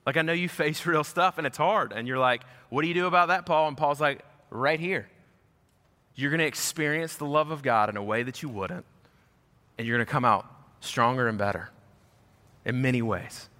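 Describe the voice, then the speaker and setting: A man preaching as a pastor, telling a personal story in an animated way and acting out the voices of the people in it. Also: medium pitch, moderate pace. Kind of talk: storytelling sermon. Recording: echoey hall.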